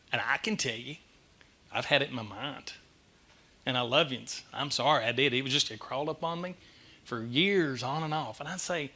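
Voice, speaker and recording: A middle-aged man gives a church message, telling the story in an animated, self-deprecating way. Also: medium pitch. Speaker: lay speaker giving a church message. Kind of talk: sermon. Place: church sanctuary.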